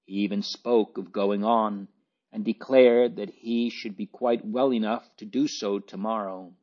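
Slow, low-voiced male audiobook narrator. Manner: measured, even storytelling. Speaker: audiobook reader. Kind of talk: scripted narration of a novel. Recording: dull lo-fi recording.

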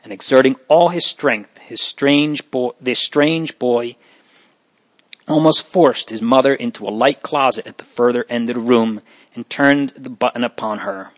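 A man narrating a story in a steady, plain reading style. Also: medium pitch, a little slow, no room sound, rough recording.

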